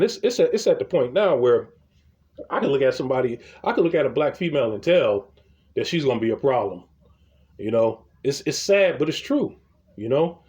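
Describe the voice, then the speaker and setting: A man's voice: medium pitch, lively intonation, a little fast, darkish tone. Rambling, profane man telling stories. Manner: rambling, profane, repeats words when starting. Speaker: comedy vlogger. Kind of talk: casual ranting storytelling.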